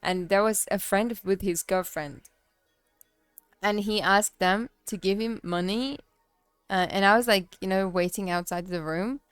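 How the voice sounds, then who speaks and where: A woman's voice: mid-range voice, a little slow, smooth, dry recording, faint music behind. Rambling young woman streamer. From Kazakhstan. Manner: rambling, heavy on fillers like "like" and "you know". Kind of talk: casual storytelling on a livestream.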